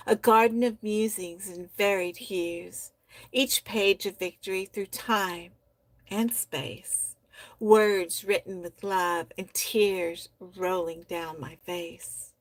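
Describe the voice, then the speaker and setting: A woman at a middle pitch reads poems at an unhurried, lingering pace, soft-spoken and heartfelt. Between pieces she chats warmly about the writing as a poetry stream host. The sound is dry and close, with no room around it. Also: no room sound. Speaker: host of a poetry society livestream. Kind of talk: reading members' poems aloud and commenting.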